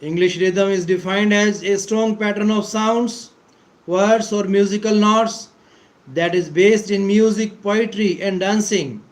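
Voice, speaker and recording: A man giving a deliberate English pronunciation lesson, repeating key words for emphasis and clearing his throat often. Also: high voice, fairly even intonation, low-quality recording. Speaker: English teacher. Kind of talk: slow explanatory lecture.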